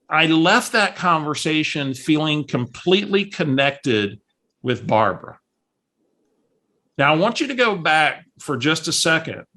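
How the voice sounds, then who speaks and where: A man coaching on a call, telling a story in an animated way and acting out the voices of the people in it. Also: fairly high pitch. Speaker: real estate coach.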